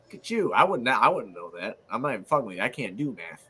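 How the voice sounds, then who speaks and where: A man's voice: medium pitch, very animated, quick pace, a crowd in the background. A man hosting a casual sports chat, venting profanely about his team with self-deprecating jokes. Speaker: sports podcast host.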